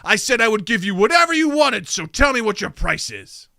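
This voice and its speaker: A man's voice: high-pitched, expressive, moderate pace, creaky, sharp tone, dry recording, clean studio sound, pitched above the performer's own voice, heavily acted. A man voicing a pompous, indignant old male minister in a comedic anime dub parody, speaking in a huffy, bossy way.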